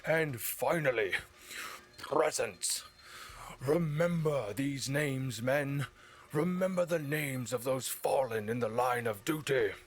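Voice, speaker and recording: A man's voice: medium pitch, takes it slowly, natural voice. A man voicing a zealous ship captain making grandiose, contemptuous proclamations to his men. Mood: solemn. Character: zealous male ship captain orating through a bullhorn.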